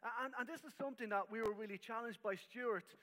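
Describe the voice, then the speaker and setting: A man's voice: very high voice, fast, sharp tone. A man preaching a sermon as pastor, emphatic with wry asides, in a church hall. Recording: long reverb of a hall.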